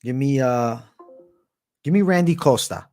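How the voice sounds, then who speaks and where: Man, livestream host, casual viewer Q&A, laid-back, profane, mid-pitched. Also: animated, measured pace, darkish tone. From United States. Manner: laid-back, profane, says "bro" a lot. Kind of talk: casual chat answering viewer questions.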